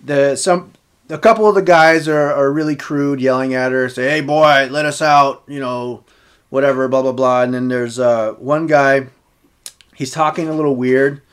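A man casually recapping a TV episode, talking in a halting way with many pauses and restarts. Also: medium pitch, steady tone, clean tone. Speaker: podcast host recapping a TV episode.

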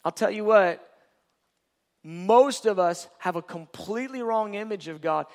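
A man with a notably high voice preaching a sermon. He hammers points home through repetition and rhetorical questions, emphatic and direct. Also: a little slow.

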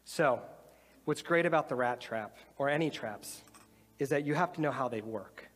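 A man giving a casual, animated sermon, talking conversationally and acting out little voices as he explains. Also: mid-range voice, moderate pace. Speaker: preacher. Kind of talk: sermon with demonstration. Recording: long hall reverb, faint music.

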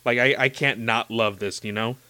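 Dude gushing about anime, smooth clean voice, super dry sound, says like a lot. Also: male voice, medium pitch, moderate pace, no room sound. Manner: excitable, gushing, heavy use of "like" and "you know". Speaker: podcast host discussing anime. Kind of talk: casual chat.

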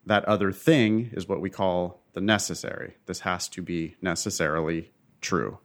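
Lowish-voiced guy hammering home logic terms, blunt, keeps asking right?. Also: fairly even intonation, moderate pace. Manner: emphatic, blunt, checks in with "right?". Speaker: co-host tutor. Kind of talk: casual teaching chat.

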